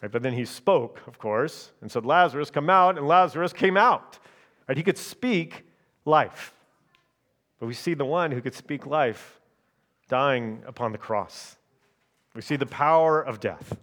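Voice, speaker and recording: A man preaching a sermon in a measured, emphatic way, often checking in with his listeners through quick tag questions. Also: medium pitch, lively intonation, fairly bright tone.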